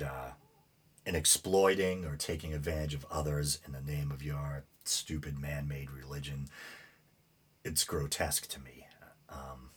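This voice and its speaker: Male podcast host, very deep and husky, rambling and opinionated, lots of ums. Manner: opinionated, rambling with many fillers. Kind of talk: casual monologue commentary.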